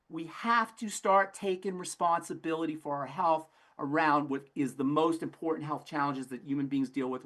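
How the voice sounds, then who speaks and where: A man's voice: fairly high pitch, fairly bright tone. A man, a pharmacist guest on a call-in health program, speaking emphatically and preachily with frequent restarts.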